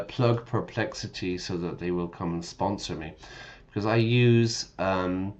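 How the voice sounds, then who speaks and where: Slow-talking guy teaching english on a game stream, chatty, explains stuff, kinda lo-fi sound. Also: mid-range voice. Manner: chatty, self-correcting, explains words. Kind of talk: casual game stream lesson.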